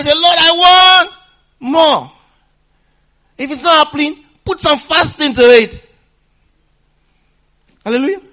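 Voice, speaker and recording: Man preaching, high voice, bright forceful tone, call-and-response, repeats phrases. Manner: swings between loud exhortation and quiet teaching. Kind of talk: sermon.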